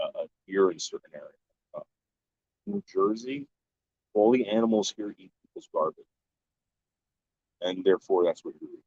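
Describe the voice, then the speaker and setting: A man with a lowish voice chats casually on his stream and swears without a second thought. He restarts his sentences often and keeps talking bluntly to his viewers. The sound is dull and lo-fi, in a dry, dead room. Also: no room sound. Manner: blunt and profane, with frequent restarts. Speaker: live-stream host answering chat. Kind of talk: casual chat.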